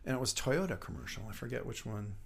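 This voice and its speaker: A man's voice: medium pitch, very animated, fast, slightly rough. A middle-aged man, a puppetry writer and director, chatting as an interview guest in a rambling way, often restarting his sentences. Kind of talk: casual interview talk.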